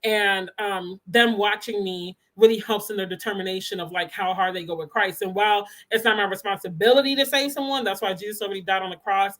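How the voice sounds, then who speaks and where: A young woman, chatting casually to her channel about faith, animated and quick to laugh. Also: mid-range voice. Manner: animated, laughs often, talks with youthful slang. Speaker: faith vlogger. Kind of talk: casual chat to camera.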